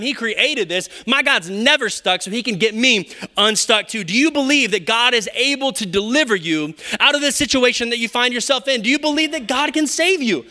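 A young male pastor preaching with a high, bright, ringing voice. He keeps it playful, slipping in jokes and acting out little quotes as he goes. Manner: playful, joking asides and acted-out quotes. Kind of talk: sermon.

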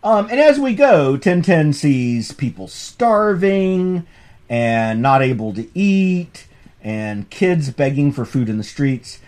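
Male professor host, casual lecture tone, animated and bouncy, slightly raised pitch, amused. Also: slow pace. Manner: animated, amused storytelling with frequent restarts. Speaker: professor hosting a comics course podcast.

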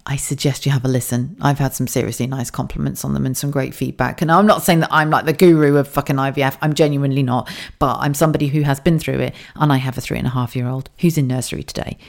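A woman with a very deep, slightly mellow voice and noticeable vocal fry hosts a candid solo podcast. She talks frankly and swears freely, laughing, going off on asides, and rambling through restarts as she corrects herself.

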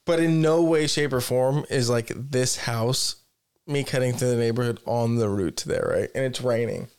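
A man in casual podcast talk, swearing freely and joking bluntly as he tells a story. His pitch sits in an ordinary middle range for a man. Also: normal speed, a little mellow, clean tone. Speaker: podcast host.

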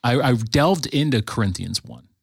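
A man's voice: medium pitch, animated, moderate pace, gravelly, breathy edge, no room sound, clean studio sound. A man in a casual faith discussion, speaking animatedly and searching for words. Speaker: podcast co-host, wedding officiant.

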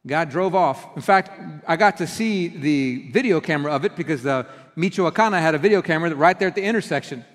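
Pastor, middle-aged man, chatty storytelling sermon with lively acted-out lines, higher voice, long church reverb. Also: quick pace, hardly any pauses. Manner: conversational storytelling with animated quoted outbursts. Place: church sanctuary.

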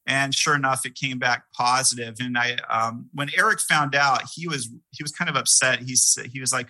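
A middle-aged male pastor preaches in an earnest, conversational way, often restarting with fillers. His voice sits in a middle pitch with a very bright, clear edge. The sound is dry and close, with no room around it. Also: steady tone, moderate pace, few pauses, no echo, poor audio. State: sick with a mild cough. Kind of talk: sermon.

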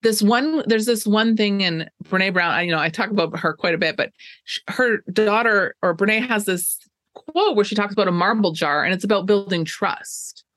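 On a casual podcast chat, a medium-pitched woman who co-hosts and coaches clients talks at a moderate pace with a fairly bright tone. She's upbeat, laughs a lot and repeats her own advice to people. There is no room sound.

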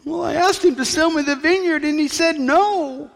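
A pastor acting out a sulking king who whines in a high, petulant voice, in a reverberant church. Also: normal speed, creaky. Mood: whining. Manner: whiny, petulant. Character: whining, self-pitying ancient king, male.

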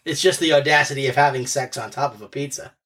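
A man's voice: mid-range voice, steady tone, fast talker, fairly bright tone. A man co-hosting a podcast, chatting casually through a card game with a laugh and an easygoing, trailing-off way of talking. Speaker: podcast co-host.

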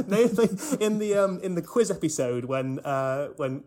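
Man, casual comedy chat, animated, does voices. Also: a little high, measured pace. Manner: animated, quotes characters in voices, laughs often.

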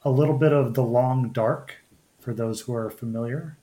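A man hosting a casual podcast chat, talking in a halting way with frequent restarts and fillers. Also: mid-range voice, warm tone. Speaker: podcast host.

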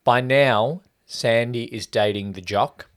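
A man's voice: medium pitch, takes it slowly. A man co-hosting a casual movie review podcast, dissecting scenes and parodying line readings with exaggerated emphasis. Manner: mimics lines with exaggerated emphasis. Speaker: podcast co-host.

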